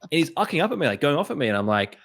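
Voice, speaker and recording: A man's voice: on the high side, very fast, vocal fry. An Australian man hosting a casual podcast chat, telling stories and acting out the voices of the people in them. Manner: animated storytelling, acts out quoted voices. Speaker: podcast host. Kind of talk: casual conversation.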